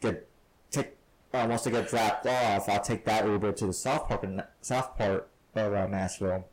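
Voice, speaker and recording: A man's voice: on the low side, steady tone, normal speed. A man hosting a podcast, telling rambling stories in casual chat and laughing often. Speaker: podcast host. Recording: poor sound quality.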